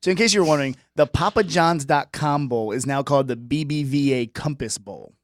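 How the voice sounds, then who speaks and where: A man co-hosting a sports talk show, chatty and quick to laugh. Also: fairly high pitch. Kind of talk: casual sports banter.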